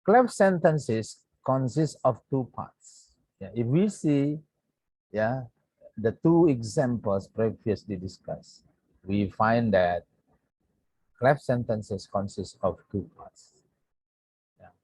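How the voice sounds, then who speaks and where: A man's voice: medium pitch, lively intonation, darkish tone, slightly rough, dry recording, poor audio. A man with an Indonesian accent, a native Indonesian speaker, teaching an English grammar lesson to his students, repeating points and saying "yeah" often. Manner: repetitive, says "yeah" often, slow deliberate explaining. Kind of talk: recorded online grammar lesson.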